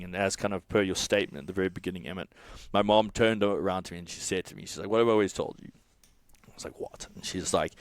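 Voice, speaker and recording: A man who coaches and co-founded a software company, telling a casual podcast story full of swearing, restarts and fillers. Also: fairly low pitch, rapid-fire, no echo. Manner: swears often, rambling with restarts.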